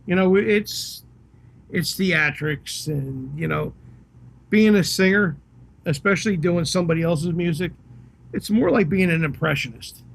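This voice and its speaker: A laid-back man co-hosting a casual podcast about rock music. His voice is gravelly and fairly high, and he talks in an easygoing, agreeable way. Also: measured pace. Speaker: podcast co-host.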